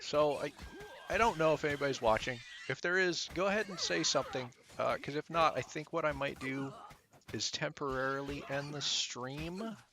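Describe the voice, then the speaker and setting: A man streaming a game, chatting casually and rambling as he thinks out loud. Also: a little high, normal speed, noisy background. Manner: mutters at the game.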